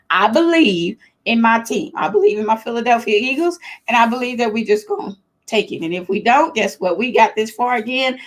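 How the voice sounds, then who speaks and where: A fairly high-voiced woman hosts a casual live-stream chat from home. She is chatty and excitable, laughs often and talks straight to the people watching. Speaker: host of a live chat show.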